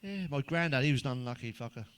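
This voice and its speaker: A man's voice: mid-range voice, lively intonation, quick pace, a bit bright, clean tone. A middle-aged man telling blunt, sweary jokes in a rambling comic monologue, chuckling at his own punchlines. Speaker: stand-up comedian. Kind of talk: crude joke-telling monologue.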